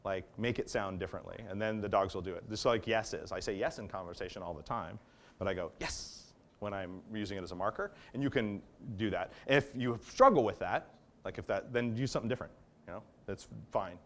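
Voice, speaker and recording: A man with a somewhat low voice teaches a dog-training workshop. His tone is relaxed and conversational, and he often checks that his listeners are following. He acts out commands in different tones of voice to show what he means. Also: fast talker. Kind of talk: workshop lecture.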